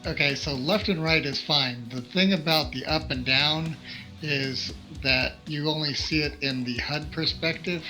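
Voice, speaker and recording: A man with a very bright, sharp voice explains game controls step by step in a patient way. Soft music sits faintly behind him. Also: a little high, measured pace, low-quality recording. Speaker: friend on voice chat. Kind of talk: casual gaming stream chat.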